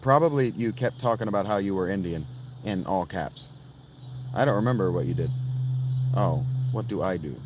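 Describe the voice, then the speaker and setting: Chatting casually from inside a tent, a livestream host with a low voice and lively intonation talks at a moderate pace against a noisy background. He rambles, answers chat viewers by name, and breaks into sudden sing-song chanting.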